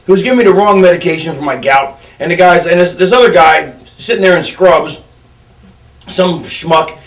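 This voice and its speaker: A high-voiced man telling a rambling, profane story in casual chat, often stopping to restart his sentences. He sounds set back from the microphone in an echoey room. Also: moderate pace, recorded from a distance. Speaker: podcast co-host.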